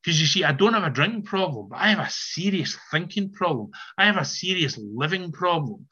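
A man's voice: a little high, expressive, a little fast, pushed and bright, slightly rough, muffled recording. An older man giving an earnest, emphatic personal testimony to a recovery meeting, sometimes repeating his words, over a video call.

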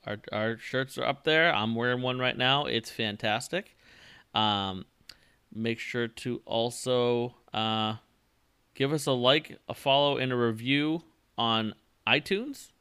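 A man's voice: medium pitch, slow, bright, forceful tone, smooth, no room sound. A man hosting a podcast, chatting casually about sports in a laid-back, teasing way. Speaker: podcast host.

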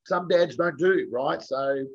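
A slightly high, husky man tells a story in casual conversation, voicing the people in it and swearing as he goes. The recording sounds dull and lo-fi. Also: slow pace. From Australia. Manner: animated anecdotes with voiced quotes, swearing freely.

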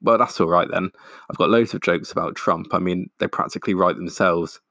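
A man's voice: low voice, brisk, sharp tone, no room sound, studio quality. A man voicing a nervous young man who talks in a casual, jokey way.

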